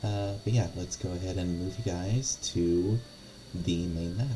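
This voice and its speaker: A man's voice: deep voice, steady tone, unhurried, noisy background. A man running a tabletop game on a live stream, chatting casually with many fillers and small laughs. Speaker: game master.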